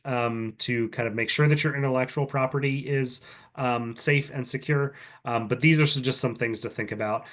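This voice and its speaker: A man organizing a business pitch competition, walking entrants through presentation slides in a casual, conversational way full of ums and restarts, recorded over a video call. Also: a bit bright. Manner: casual, filler-heavy, conversational explaining with frequent ums. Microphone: computer mic on a video call.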